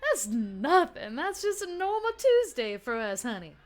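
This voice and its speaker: A glamorous saloon bartender, airy and teasing, who calls everyone darling, as a woman game master puts her on. She sits high and drawls her words slowly, with a bit of roomy distance to the sound. Background music plays faintly behind her. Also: sing-song. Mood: amused. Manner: airy, flirtatious, calls people darling and honey.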